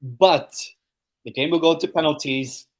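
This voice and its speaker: A man's voice: on the high side, a little slow. A young man hosting a live football watchalong stream, chatting casually and making predictions, rambling with lots of ums and obviouslys. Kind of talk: casual chat and match predictions.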